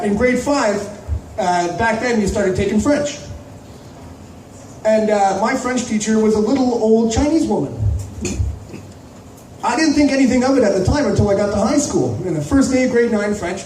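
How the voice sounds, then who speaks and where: A man's voice: high voice, moderate pace, a little mellow. A man from Ontario hosting a stand-up comedy night, crude and teasing, bantering with the audience in a small club. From Ontario, Canada. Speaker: comedy show host. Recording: echoey club, from far off, faint noise.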